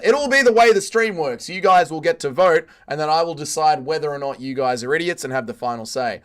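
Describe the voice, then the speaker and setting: A man hosting a casual livestream, reading chat and firing back crude jokes as he rambles. His voice sits a little higher than most men's, and he talks in a loose, offhand way. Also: animated, a little fast, hardly any pauses, fairly bright tone. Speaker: streamer host reading chat.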